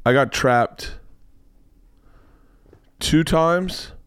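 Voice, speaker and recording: A man hosting a podcast, telling a profane, animated story in casual chat and acting out the voices in it. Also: a little high, extremely slow, clear, resonant tone, dry recording, studio quality. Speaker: podcast host.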